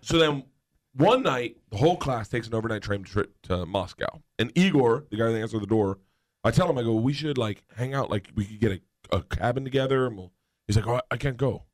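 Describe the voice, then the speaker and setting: A man telling a comedic story as a podcast guest, animated and laughing as he goes. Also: medium pitch, fairly quick. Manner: animated, laughs through his own story.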